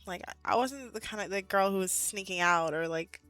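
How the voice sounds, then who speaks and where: A streamer in her twenties chats casually with her live chat, sounding animated, a little breathless, and full of "like"s and laughter. Her mid-range voice moves a bit fast, with faint music behind it.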